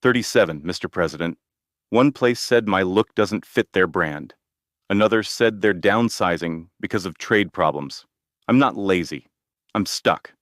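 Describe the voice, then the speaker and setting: A man reading the lines of a determined, frustrated young woman, in a sharp but steady manner. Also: low voice, a little slow, dry recording, studio quality. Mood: defiant. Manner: sharp, steady, pushes back.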